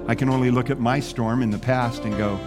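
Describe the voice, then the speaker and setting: A man's voice: mid-range voice, fairly even intonation, fairly quick, over loud music. A male pastor preaching a sermon, telling a story and then earnestly encouraging his listeners.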